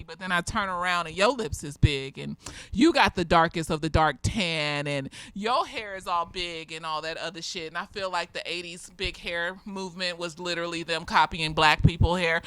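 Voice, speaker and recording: A woman's voice: lowish voice, a bit bright, no room sound. A woman therapist giving a casual, candid episode review, swearing freely and laughing often. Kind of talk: casual tipsy review chat.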